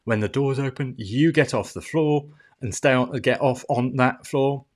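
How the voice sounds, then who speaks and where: A man's voice: medium pitch, a little slow. A middle-aged man who works as a life coach talks casually to camera. He restarts his sentences often, swears now and then, and makes little ding sound effects as he goes. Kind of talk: casual teaching monologue to camera.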